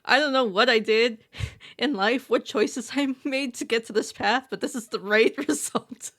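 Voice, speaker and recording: Excitable woman streamer, dry close sound. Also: fairly high pitch, measured pace, no echo. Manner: excitable, laughs often. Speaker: live streamer. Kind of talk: casual live-stream chat reading viewer messages.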